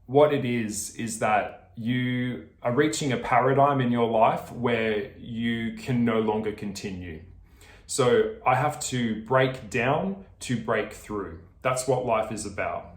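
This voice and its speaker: An Australian man rants straight at his viewers, swearing freely and laughing between points. His voice sits at an ordinary middle pitch. The sound bounces around an echoey room. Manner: swearing, ranting, laughing, addresses viewers directly. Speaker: video creator. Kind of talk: casual vlog chat.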